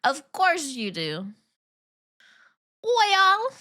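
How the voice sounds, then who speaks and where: A woman's voice: fairly high pitch, expressive, takes it slowly, pushed and bright, clear, resonant tone. A woman streaming and chatting casually with her viewers, giggling often and teasing as she reads and answers the chat. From Long Island, New York.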